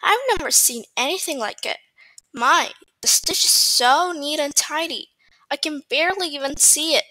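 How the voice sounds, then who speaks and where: A woman's voice: sits high, normal speed, sharp tone, no echo. A woman voicing a kind grown fashion designer who gushes with admiration in a storybook reading. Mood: admiring.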